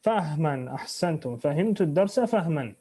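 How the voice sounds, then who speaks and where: A man's voice: on the high side, lively intonation, racing, dark tone, slightly rough. A man teaching Arabic grammar in an online class, switching between English and Arabic, restarting phrases and quizzing his students.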